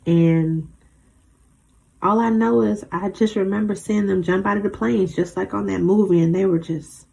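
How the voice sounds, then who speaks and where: A woman's voice: medium pitch, steady tone, moderate pace, vocal fry, mellow. A woman tarot reader in a casual vlog monologue, rambling through stories in a blunt, emphatic way with slang and mild swearing.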